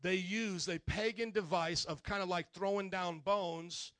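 Male pastor, high voice, dry recording; lively sermon with call-and-response. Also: a little slow, dry recording. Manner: animated storytelling, bursts into loud delivery.

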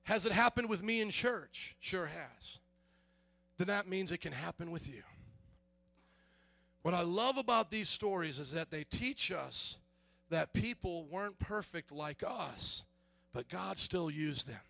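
High, gravelly preaching man. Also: unhurried, no echo. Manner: animated, shouts when acting out stories. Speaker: pastor. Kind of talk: sermon with storytelling.

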